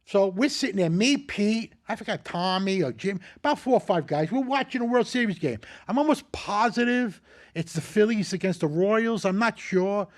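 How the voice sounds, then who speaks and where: An older man hosting a casual chat, telling animated, profane stories and acting out what others said. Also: high-pitched, normal speed. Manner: animated, profane, acts out quotes. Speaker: host.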